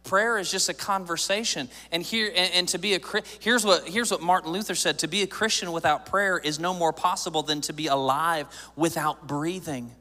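Bright-voiced joking pastor, church hall. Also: male voice, a little high, normal speed, few pauses. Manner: conversational and joking, with rising emphatic build-ups. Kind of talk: sermon. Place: church sanctuary.

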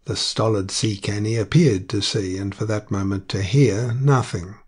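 A man narrating an audiobook in a measured, unhurried reading. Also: fairly low pitch, steady tone, darkish tone, breathy edge.

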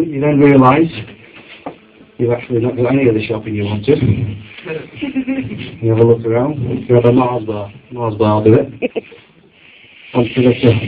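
A man, performing a stand-up routine on a comedy club stage and acting out shouted quotes. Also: medium pitch, background noise. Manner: lively storytelling, acts out shouted quotes. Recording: dull lo-fi club recording.

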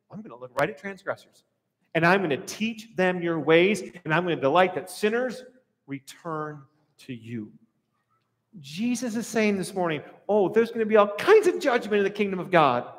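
A high-pitched man preaching in a church sanctuary, his voice swinging widely up and down. He is animated and acts out little scenes in other voices, and a long reverb trails behind every phrase. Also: moderate pace. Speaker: pastor. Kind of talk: sermon.

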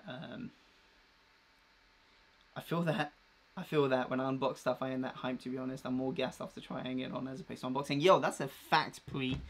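A man's voice: medium pitch, fairly even intonation, moderate pace, fairly bright tone. A young man chatting casually and rambling with slang while unboxing a new clothing order on a live vlog. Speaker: fashion vlogger.

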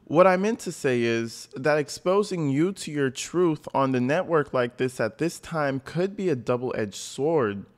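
A man reading out the messages of an anxious foreign woman, in a soft, earnest, pleading voice. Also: fairly high pitch, expressive, a little slow, hardly any pauses.

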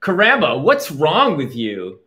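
A man's voice: on the high side, huge pitch swings, measured pace, bright, forceful tone, heavily acted. A man voicing a mocking young male cat from a children's storybook, who scoffs and teases. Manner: scoffing, teasing.

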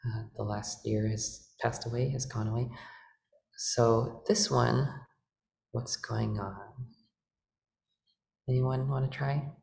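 A man's voice: medium pitch, steady tone, slow pace, vocal fry, long pauses, a little mellow. A man presenting an organ workshop, patiently explaining music theory with fillers and self-corrections. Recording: echoey room with organ playing.

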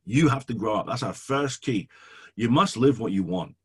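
A man's voice: medium pitch, moderate pace, husky. A middle-aged male pastor teaching a sermon to church leaders, emphatic and repetitive in his delivery. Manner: emphatic, repetitive, animated preaching.

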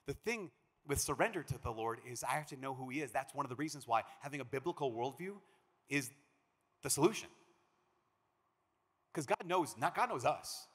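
A man from Minnesota, a priest giving a conference talk, an animated storyteller who acts out the quotes he tells. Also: medium pitch, normal speed, pauses often, breathy edge. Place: large conference hall. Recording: long reverb of a big hall.

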